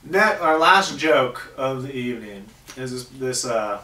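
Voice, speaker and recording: A man's voice: medium pitch, lively intonation, measured pace, pushed and bright, roomy sound, far from the mic, slight background noise. A man hosting a comedy show, telling crude jokes in a casual, swearing monologue. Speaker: host.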